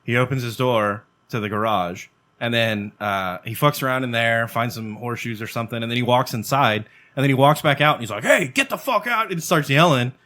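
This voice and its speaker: A middle-aged man, chatting casually as a podcast co-host, telling profane, animated stories and acting out voices. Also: medium pitch, a little fast. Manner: profane, animated storyteller who acts out voices. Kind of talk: casual chat.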